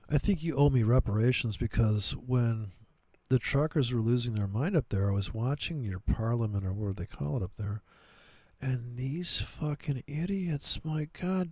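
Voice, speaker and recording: A man's voice: on the low side, dark tone, breathy edge, dry recording. A man hosting a trading livestream, ranting crudely and mockingly in a casual, profane way. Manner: crude, mocking, puts on silly voices for quotes. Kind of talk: rambling profane political rant.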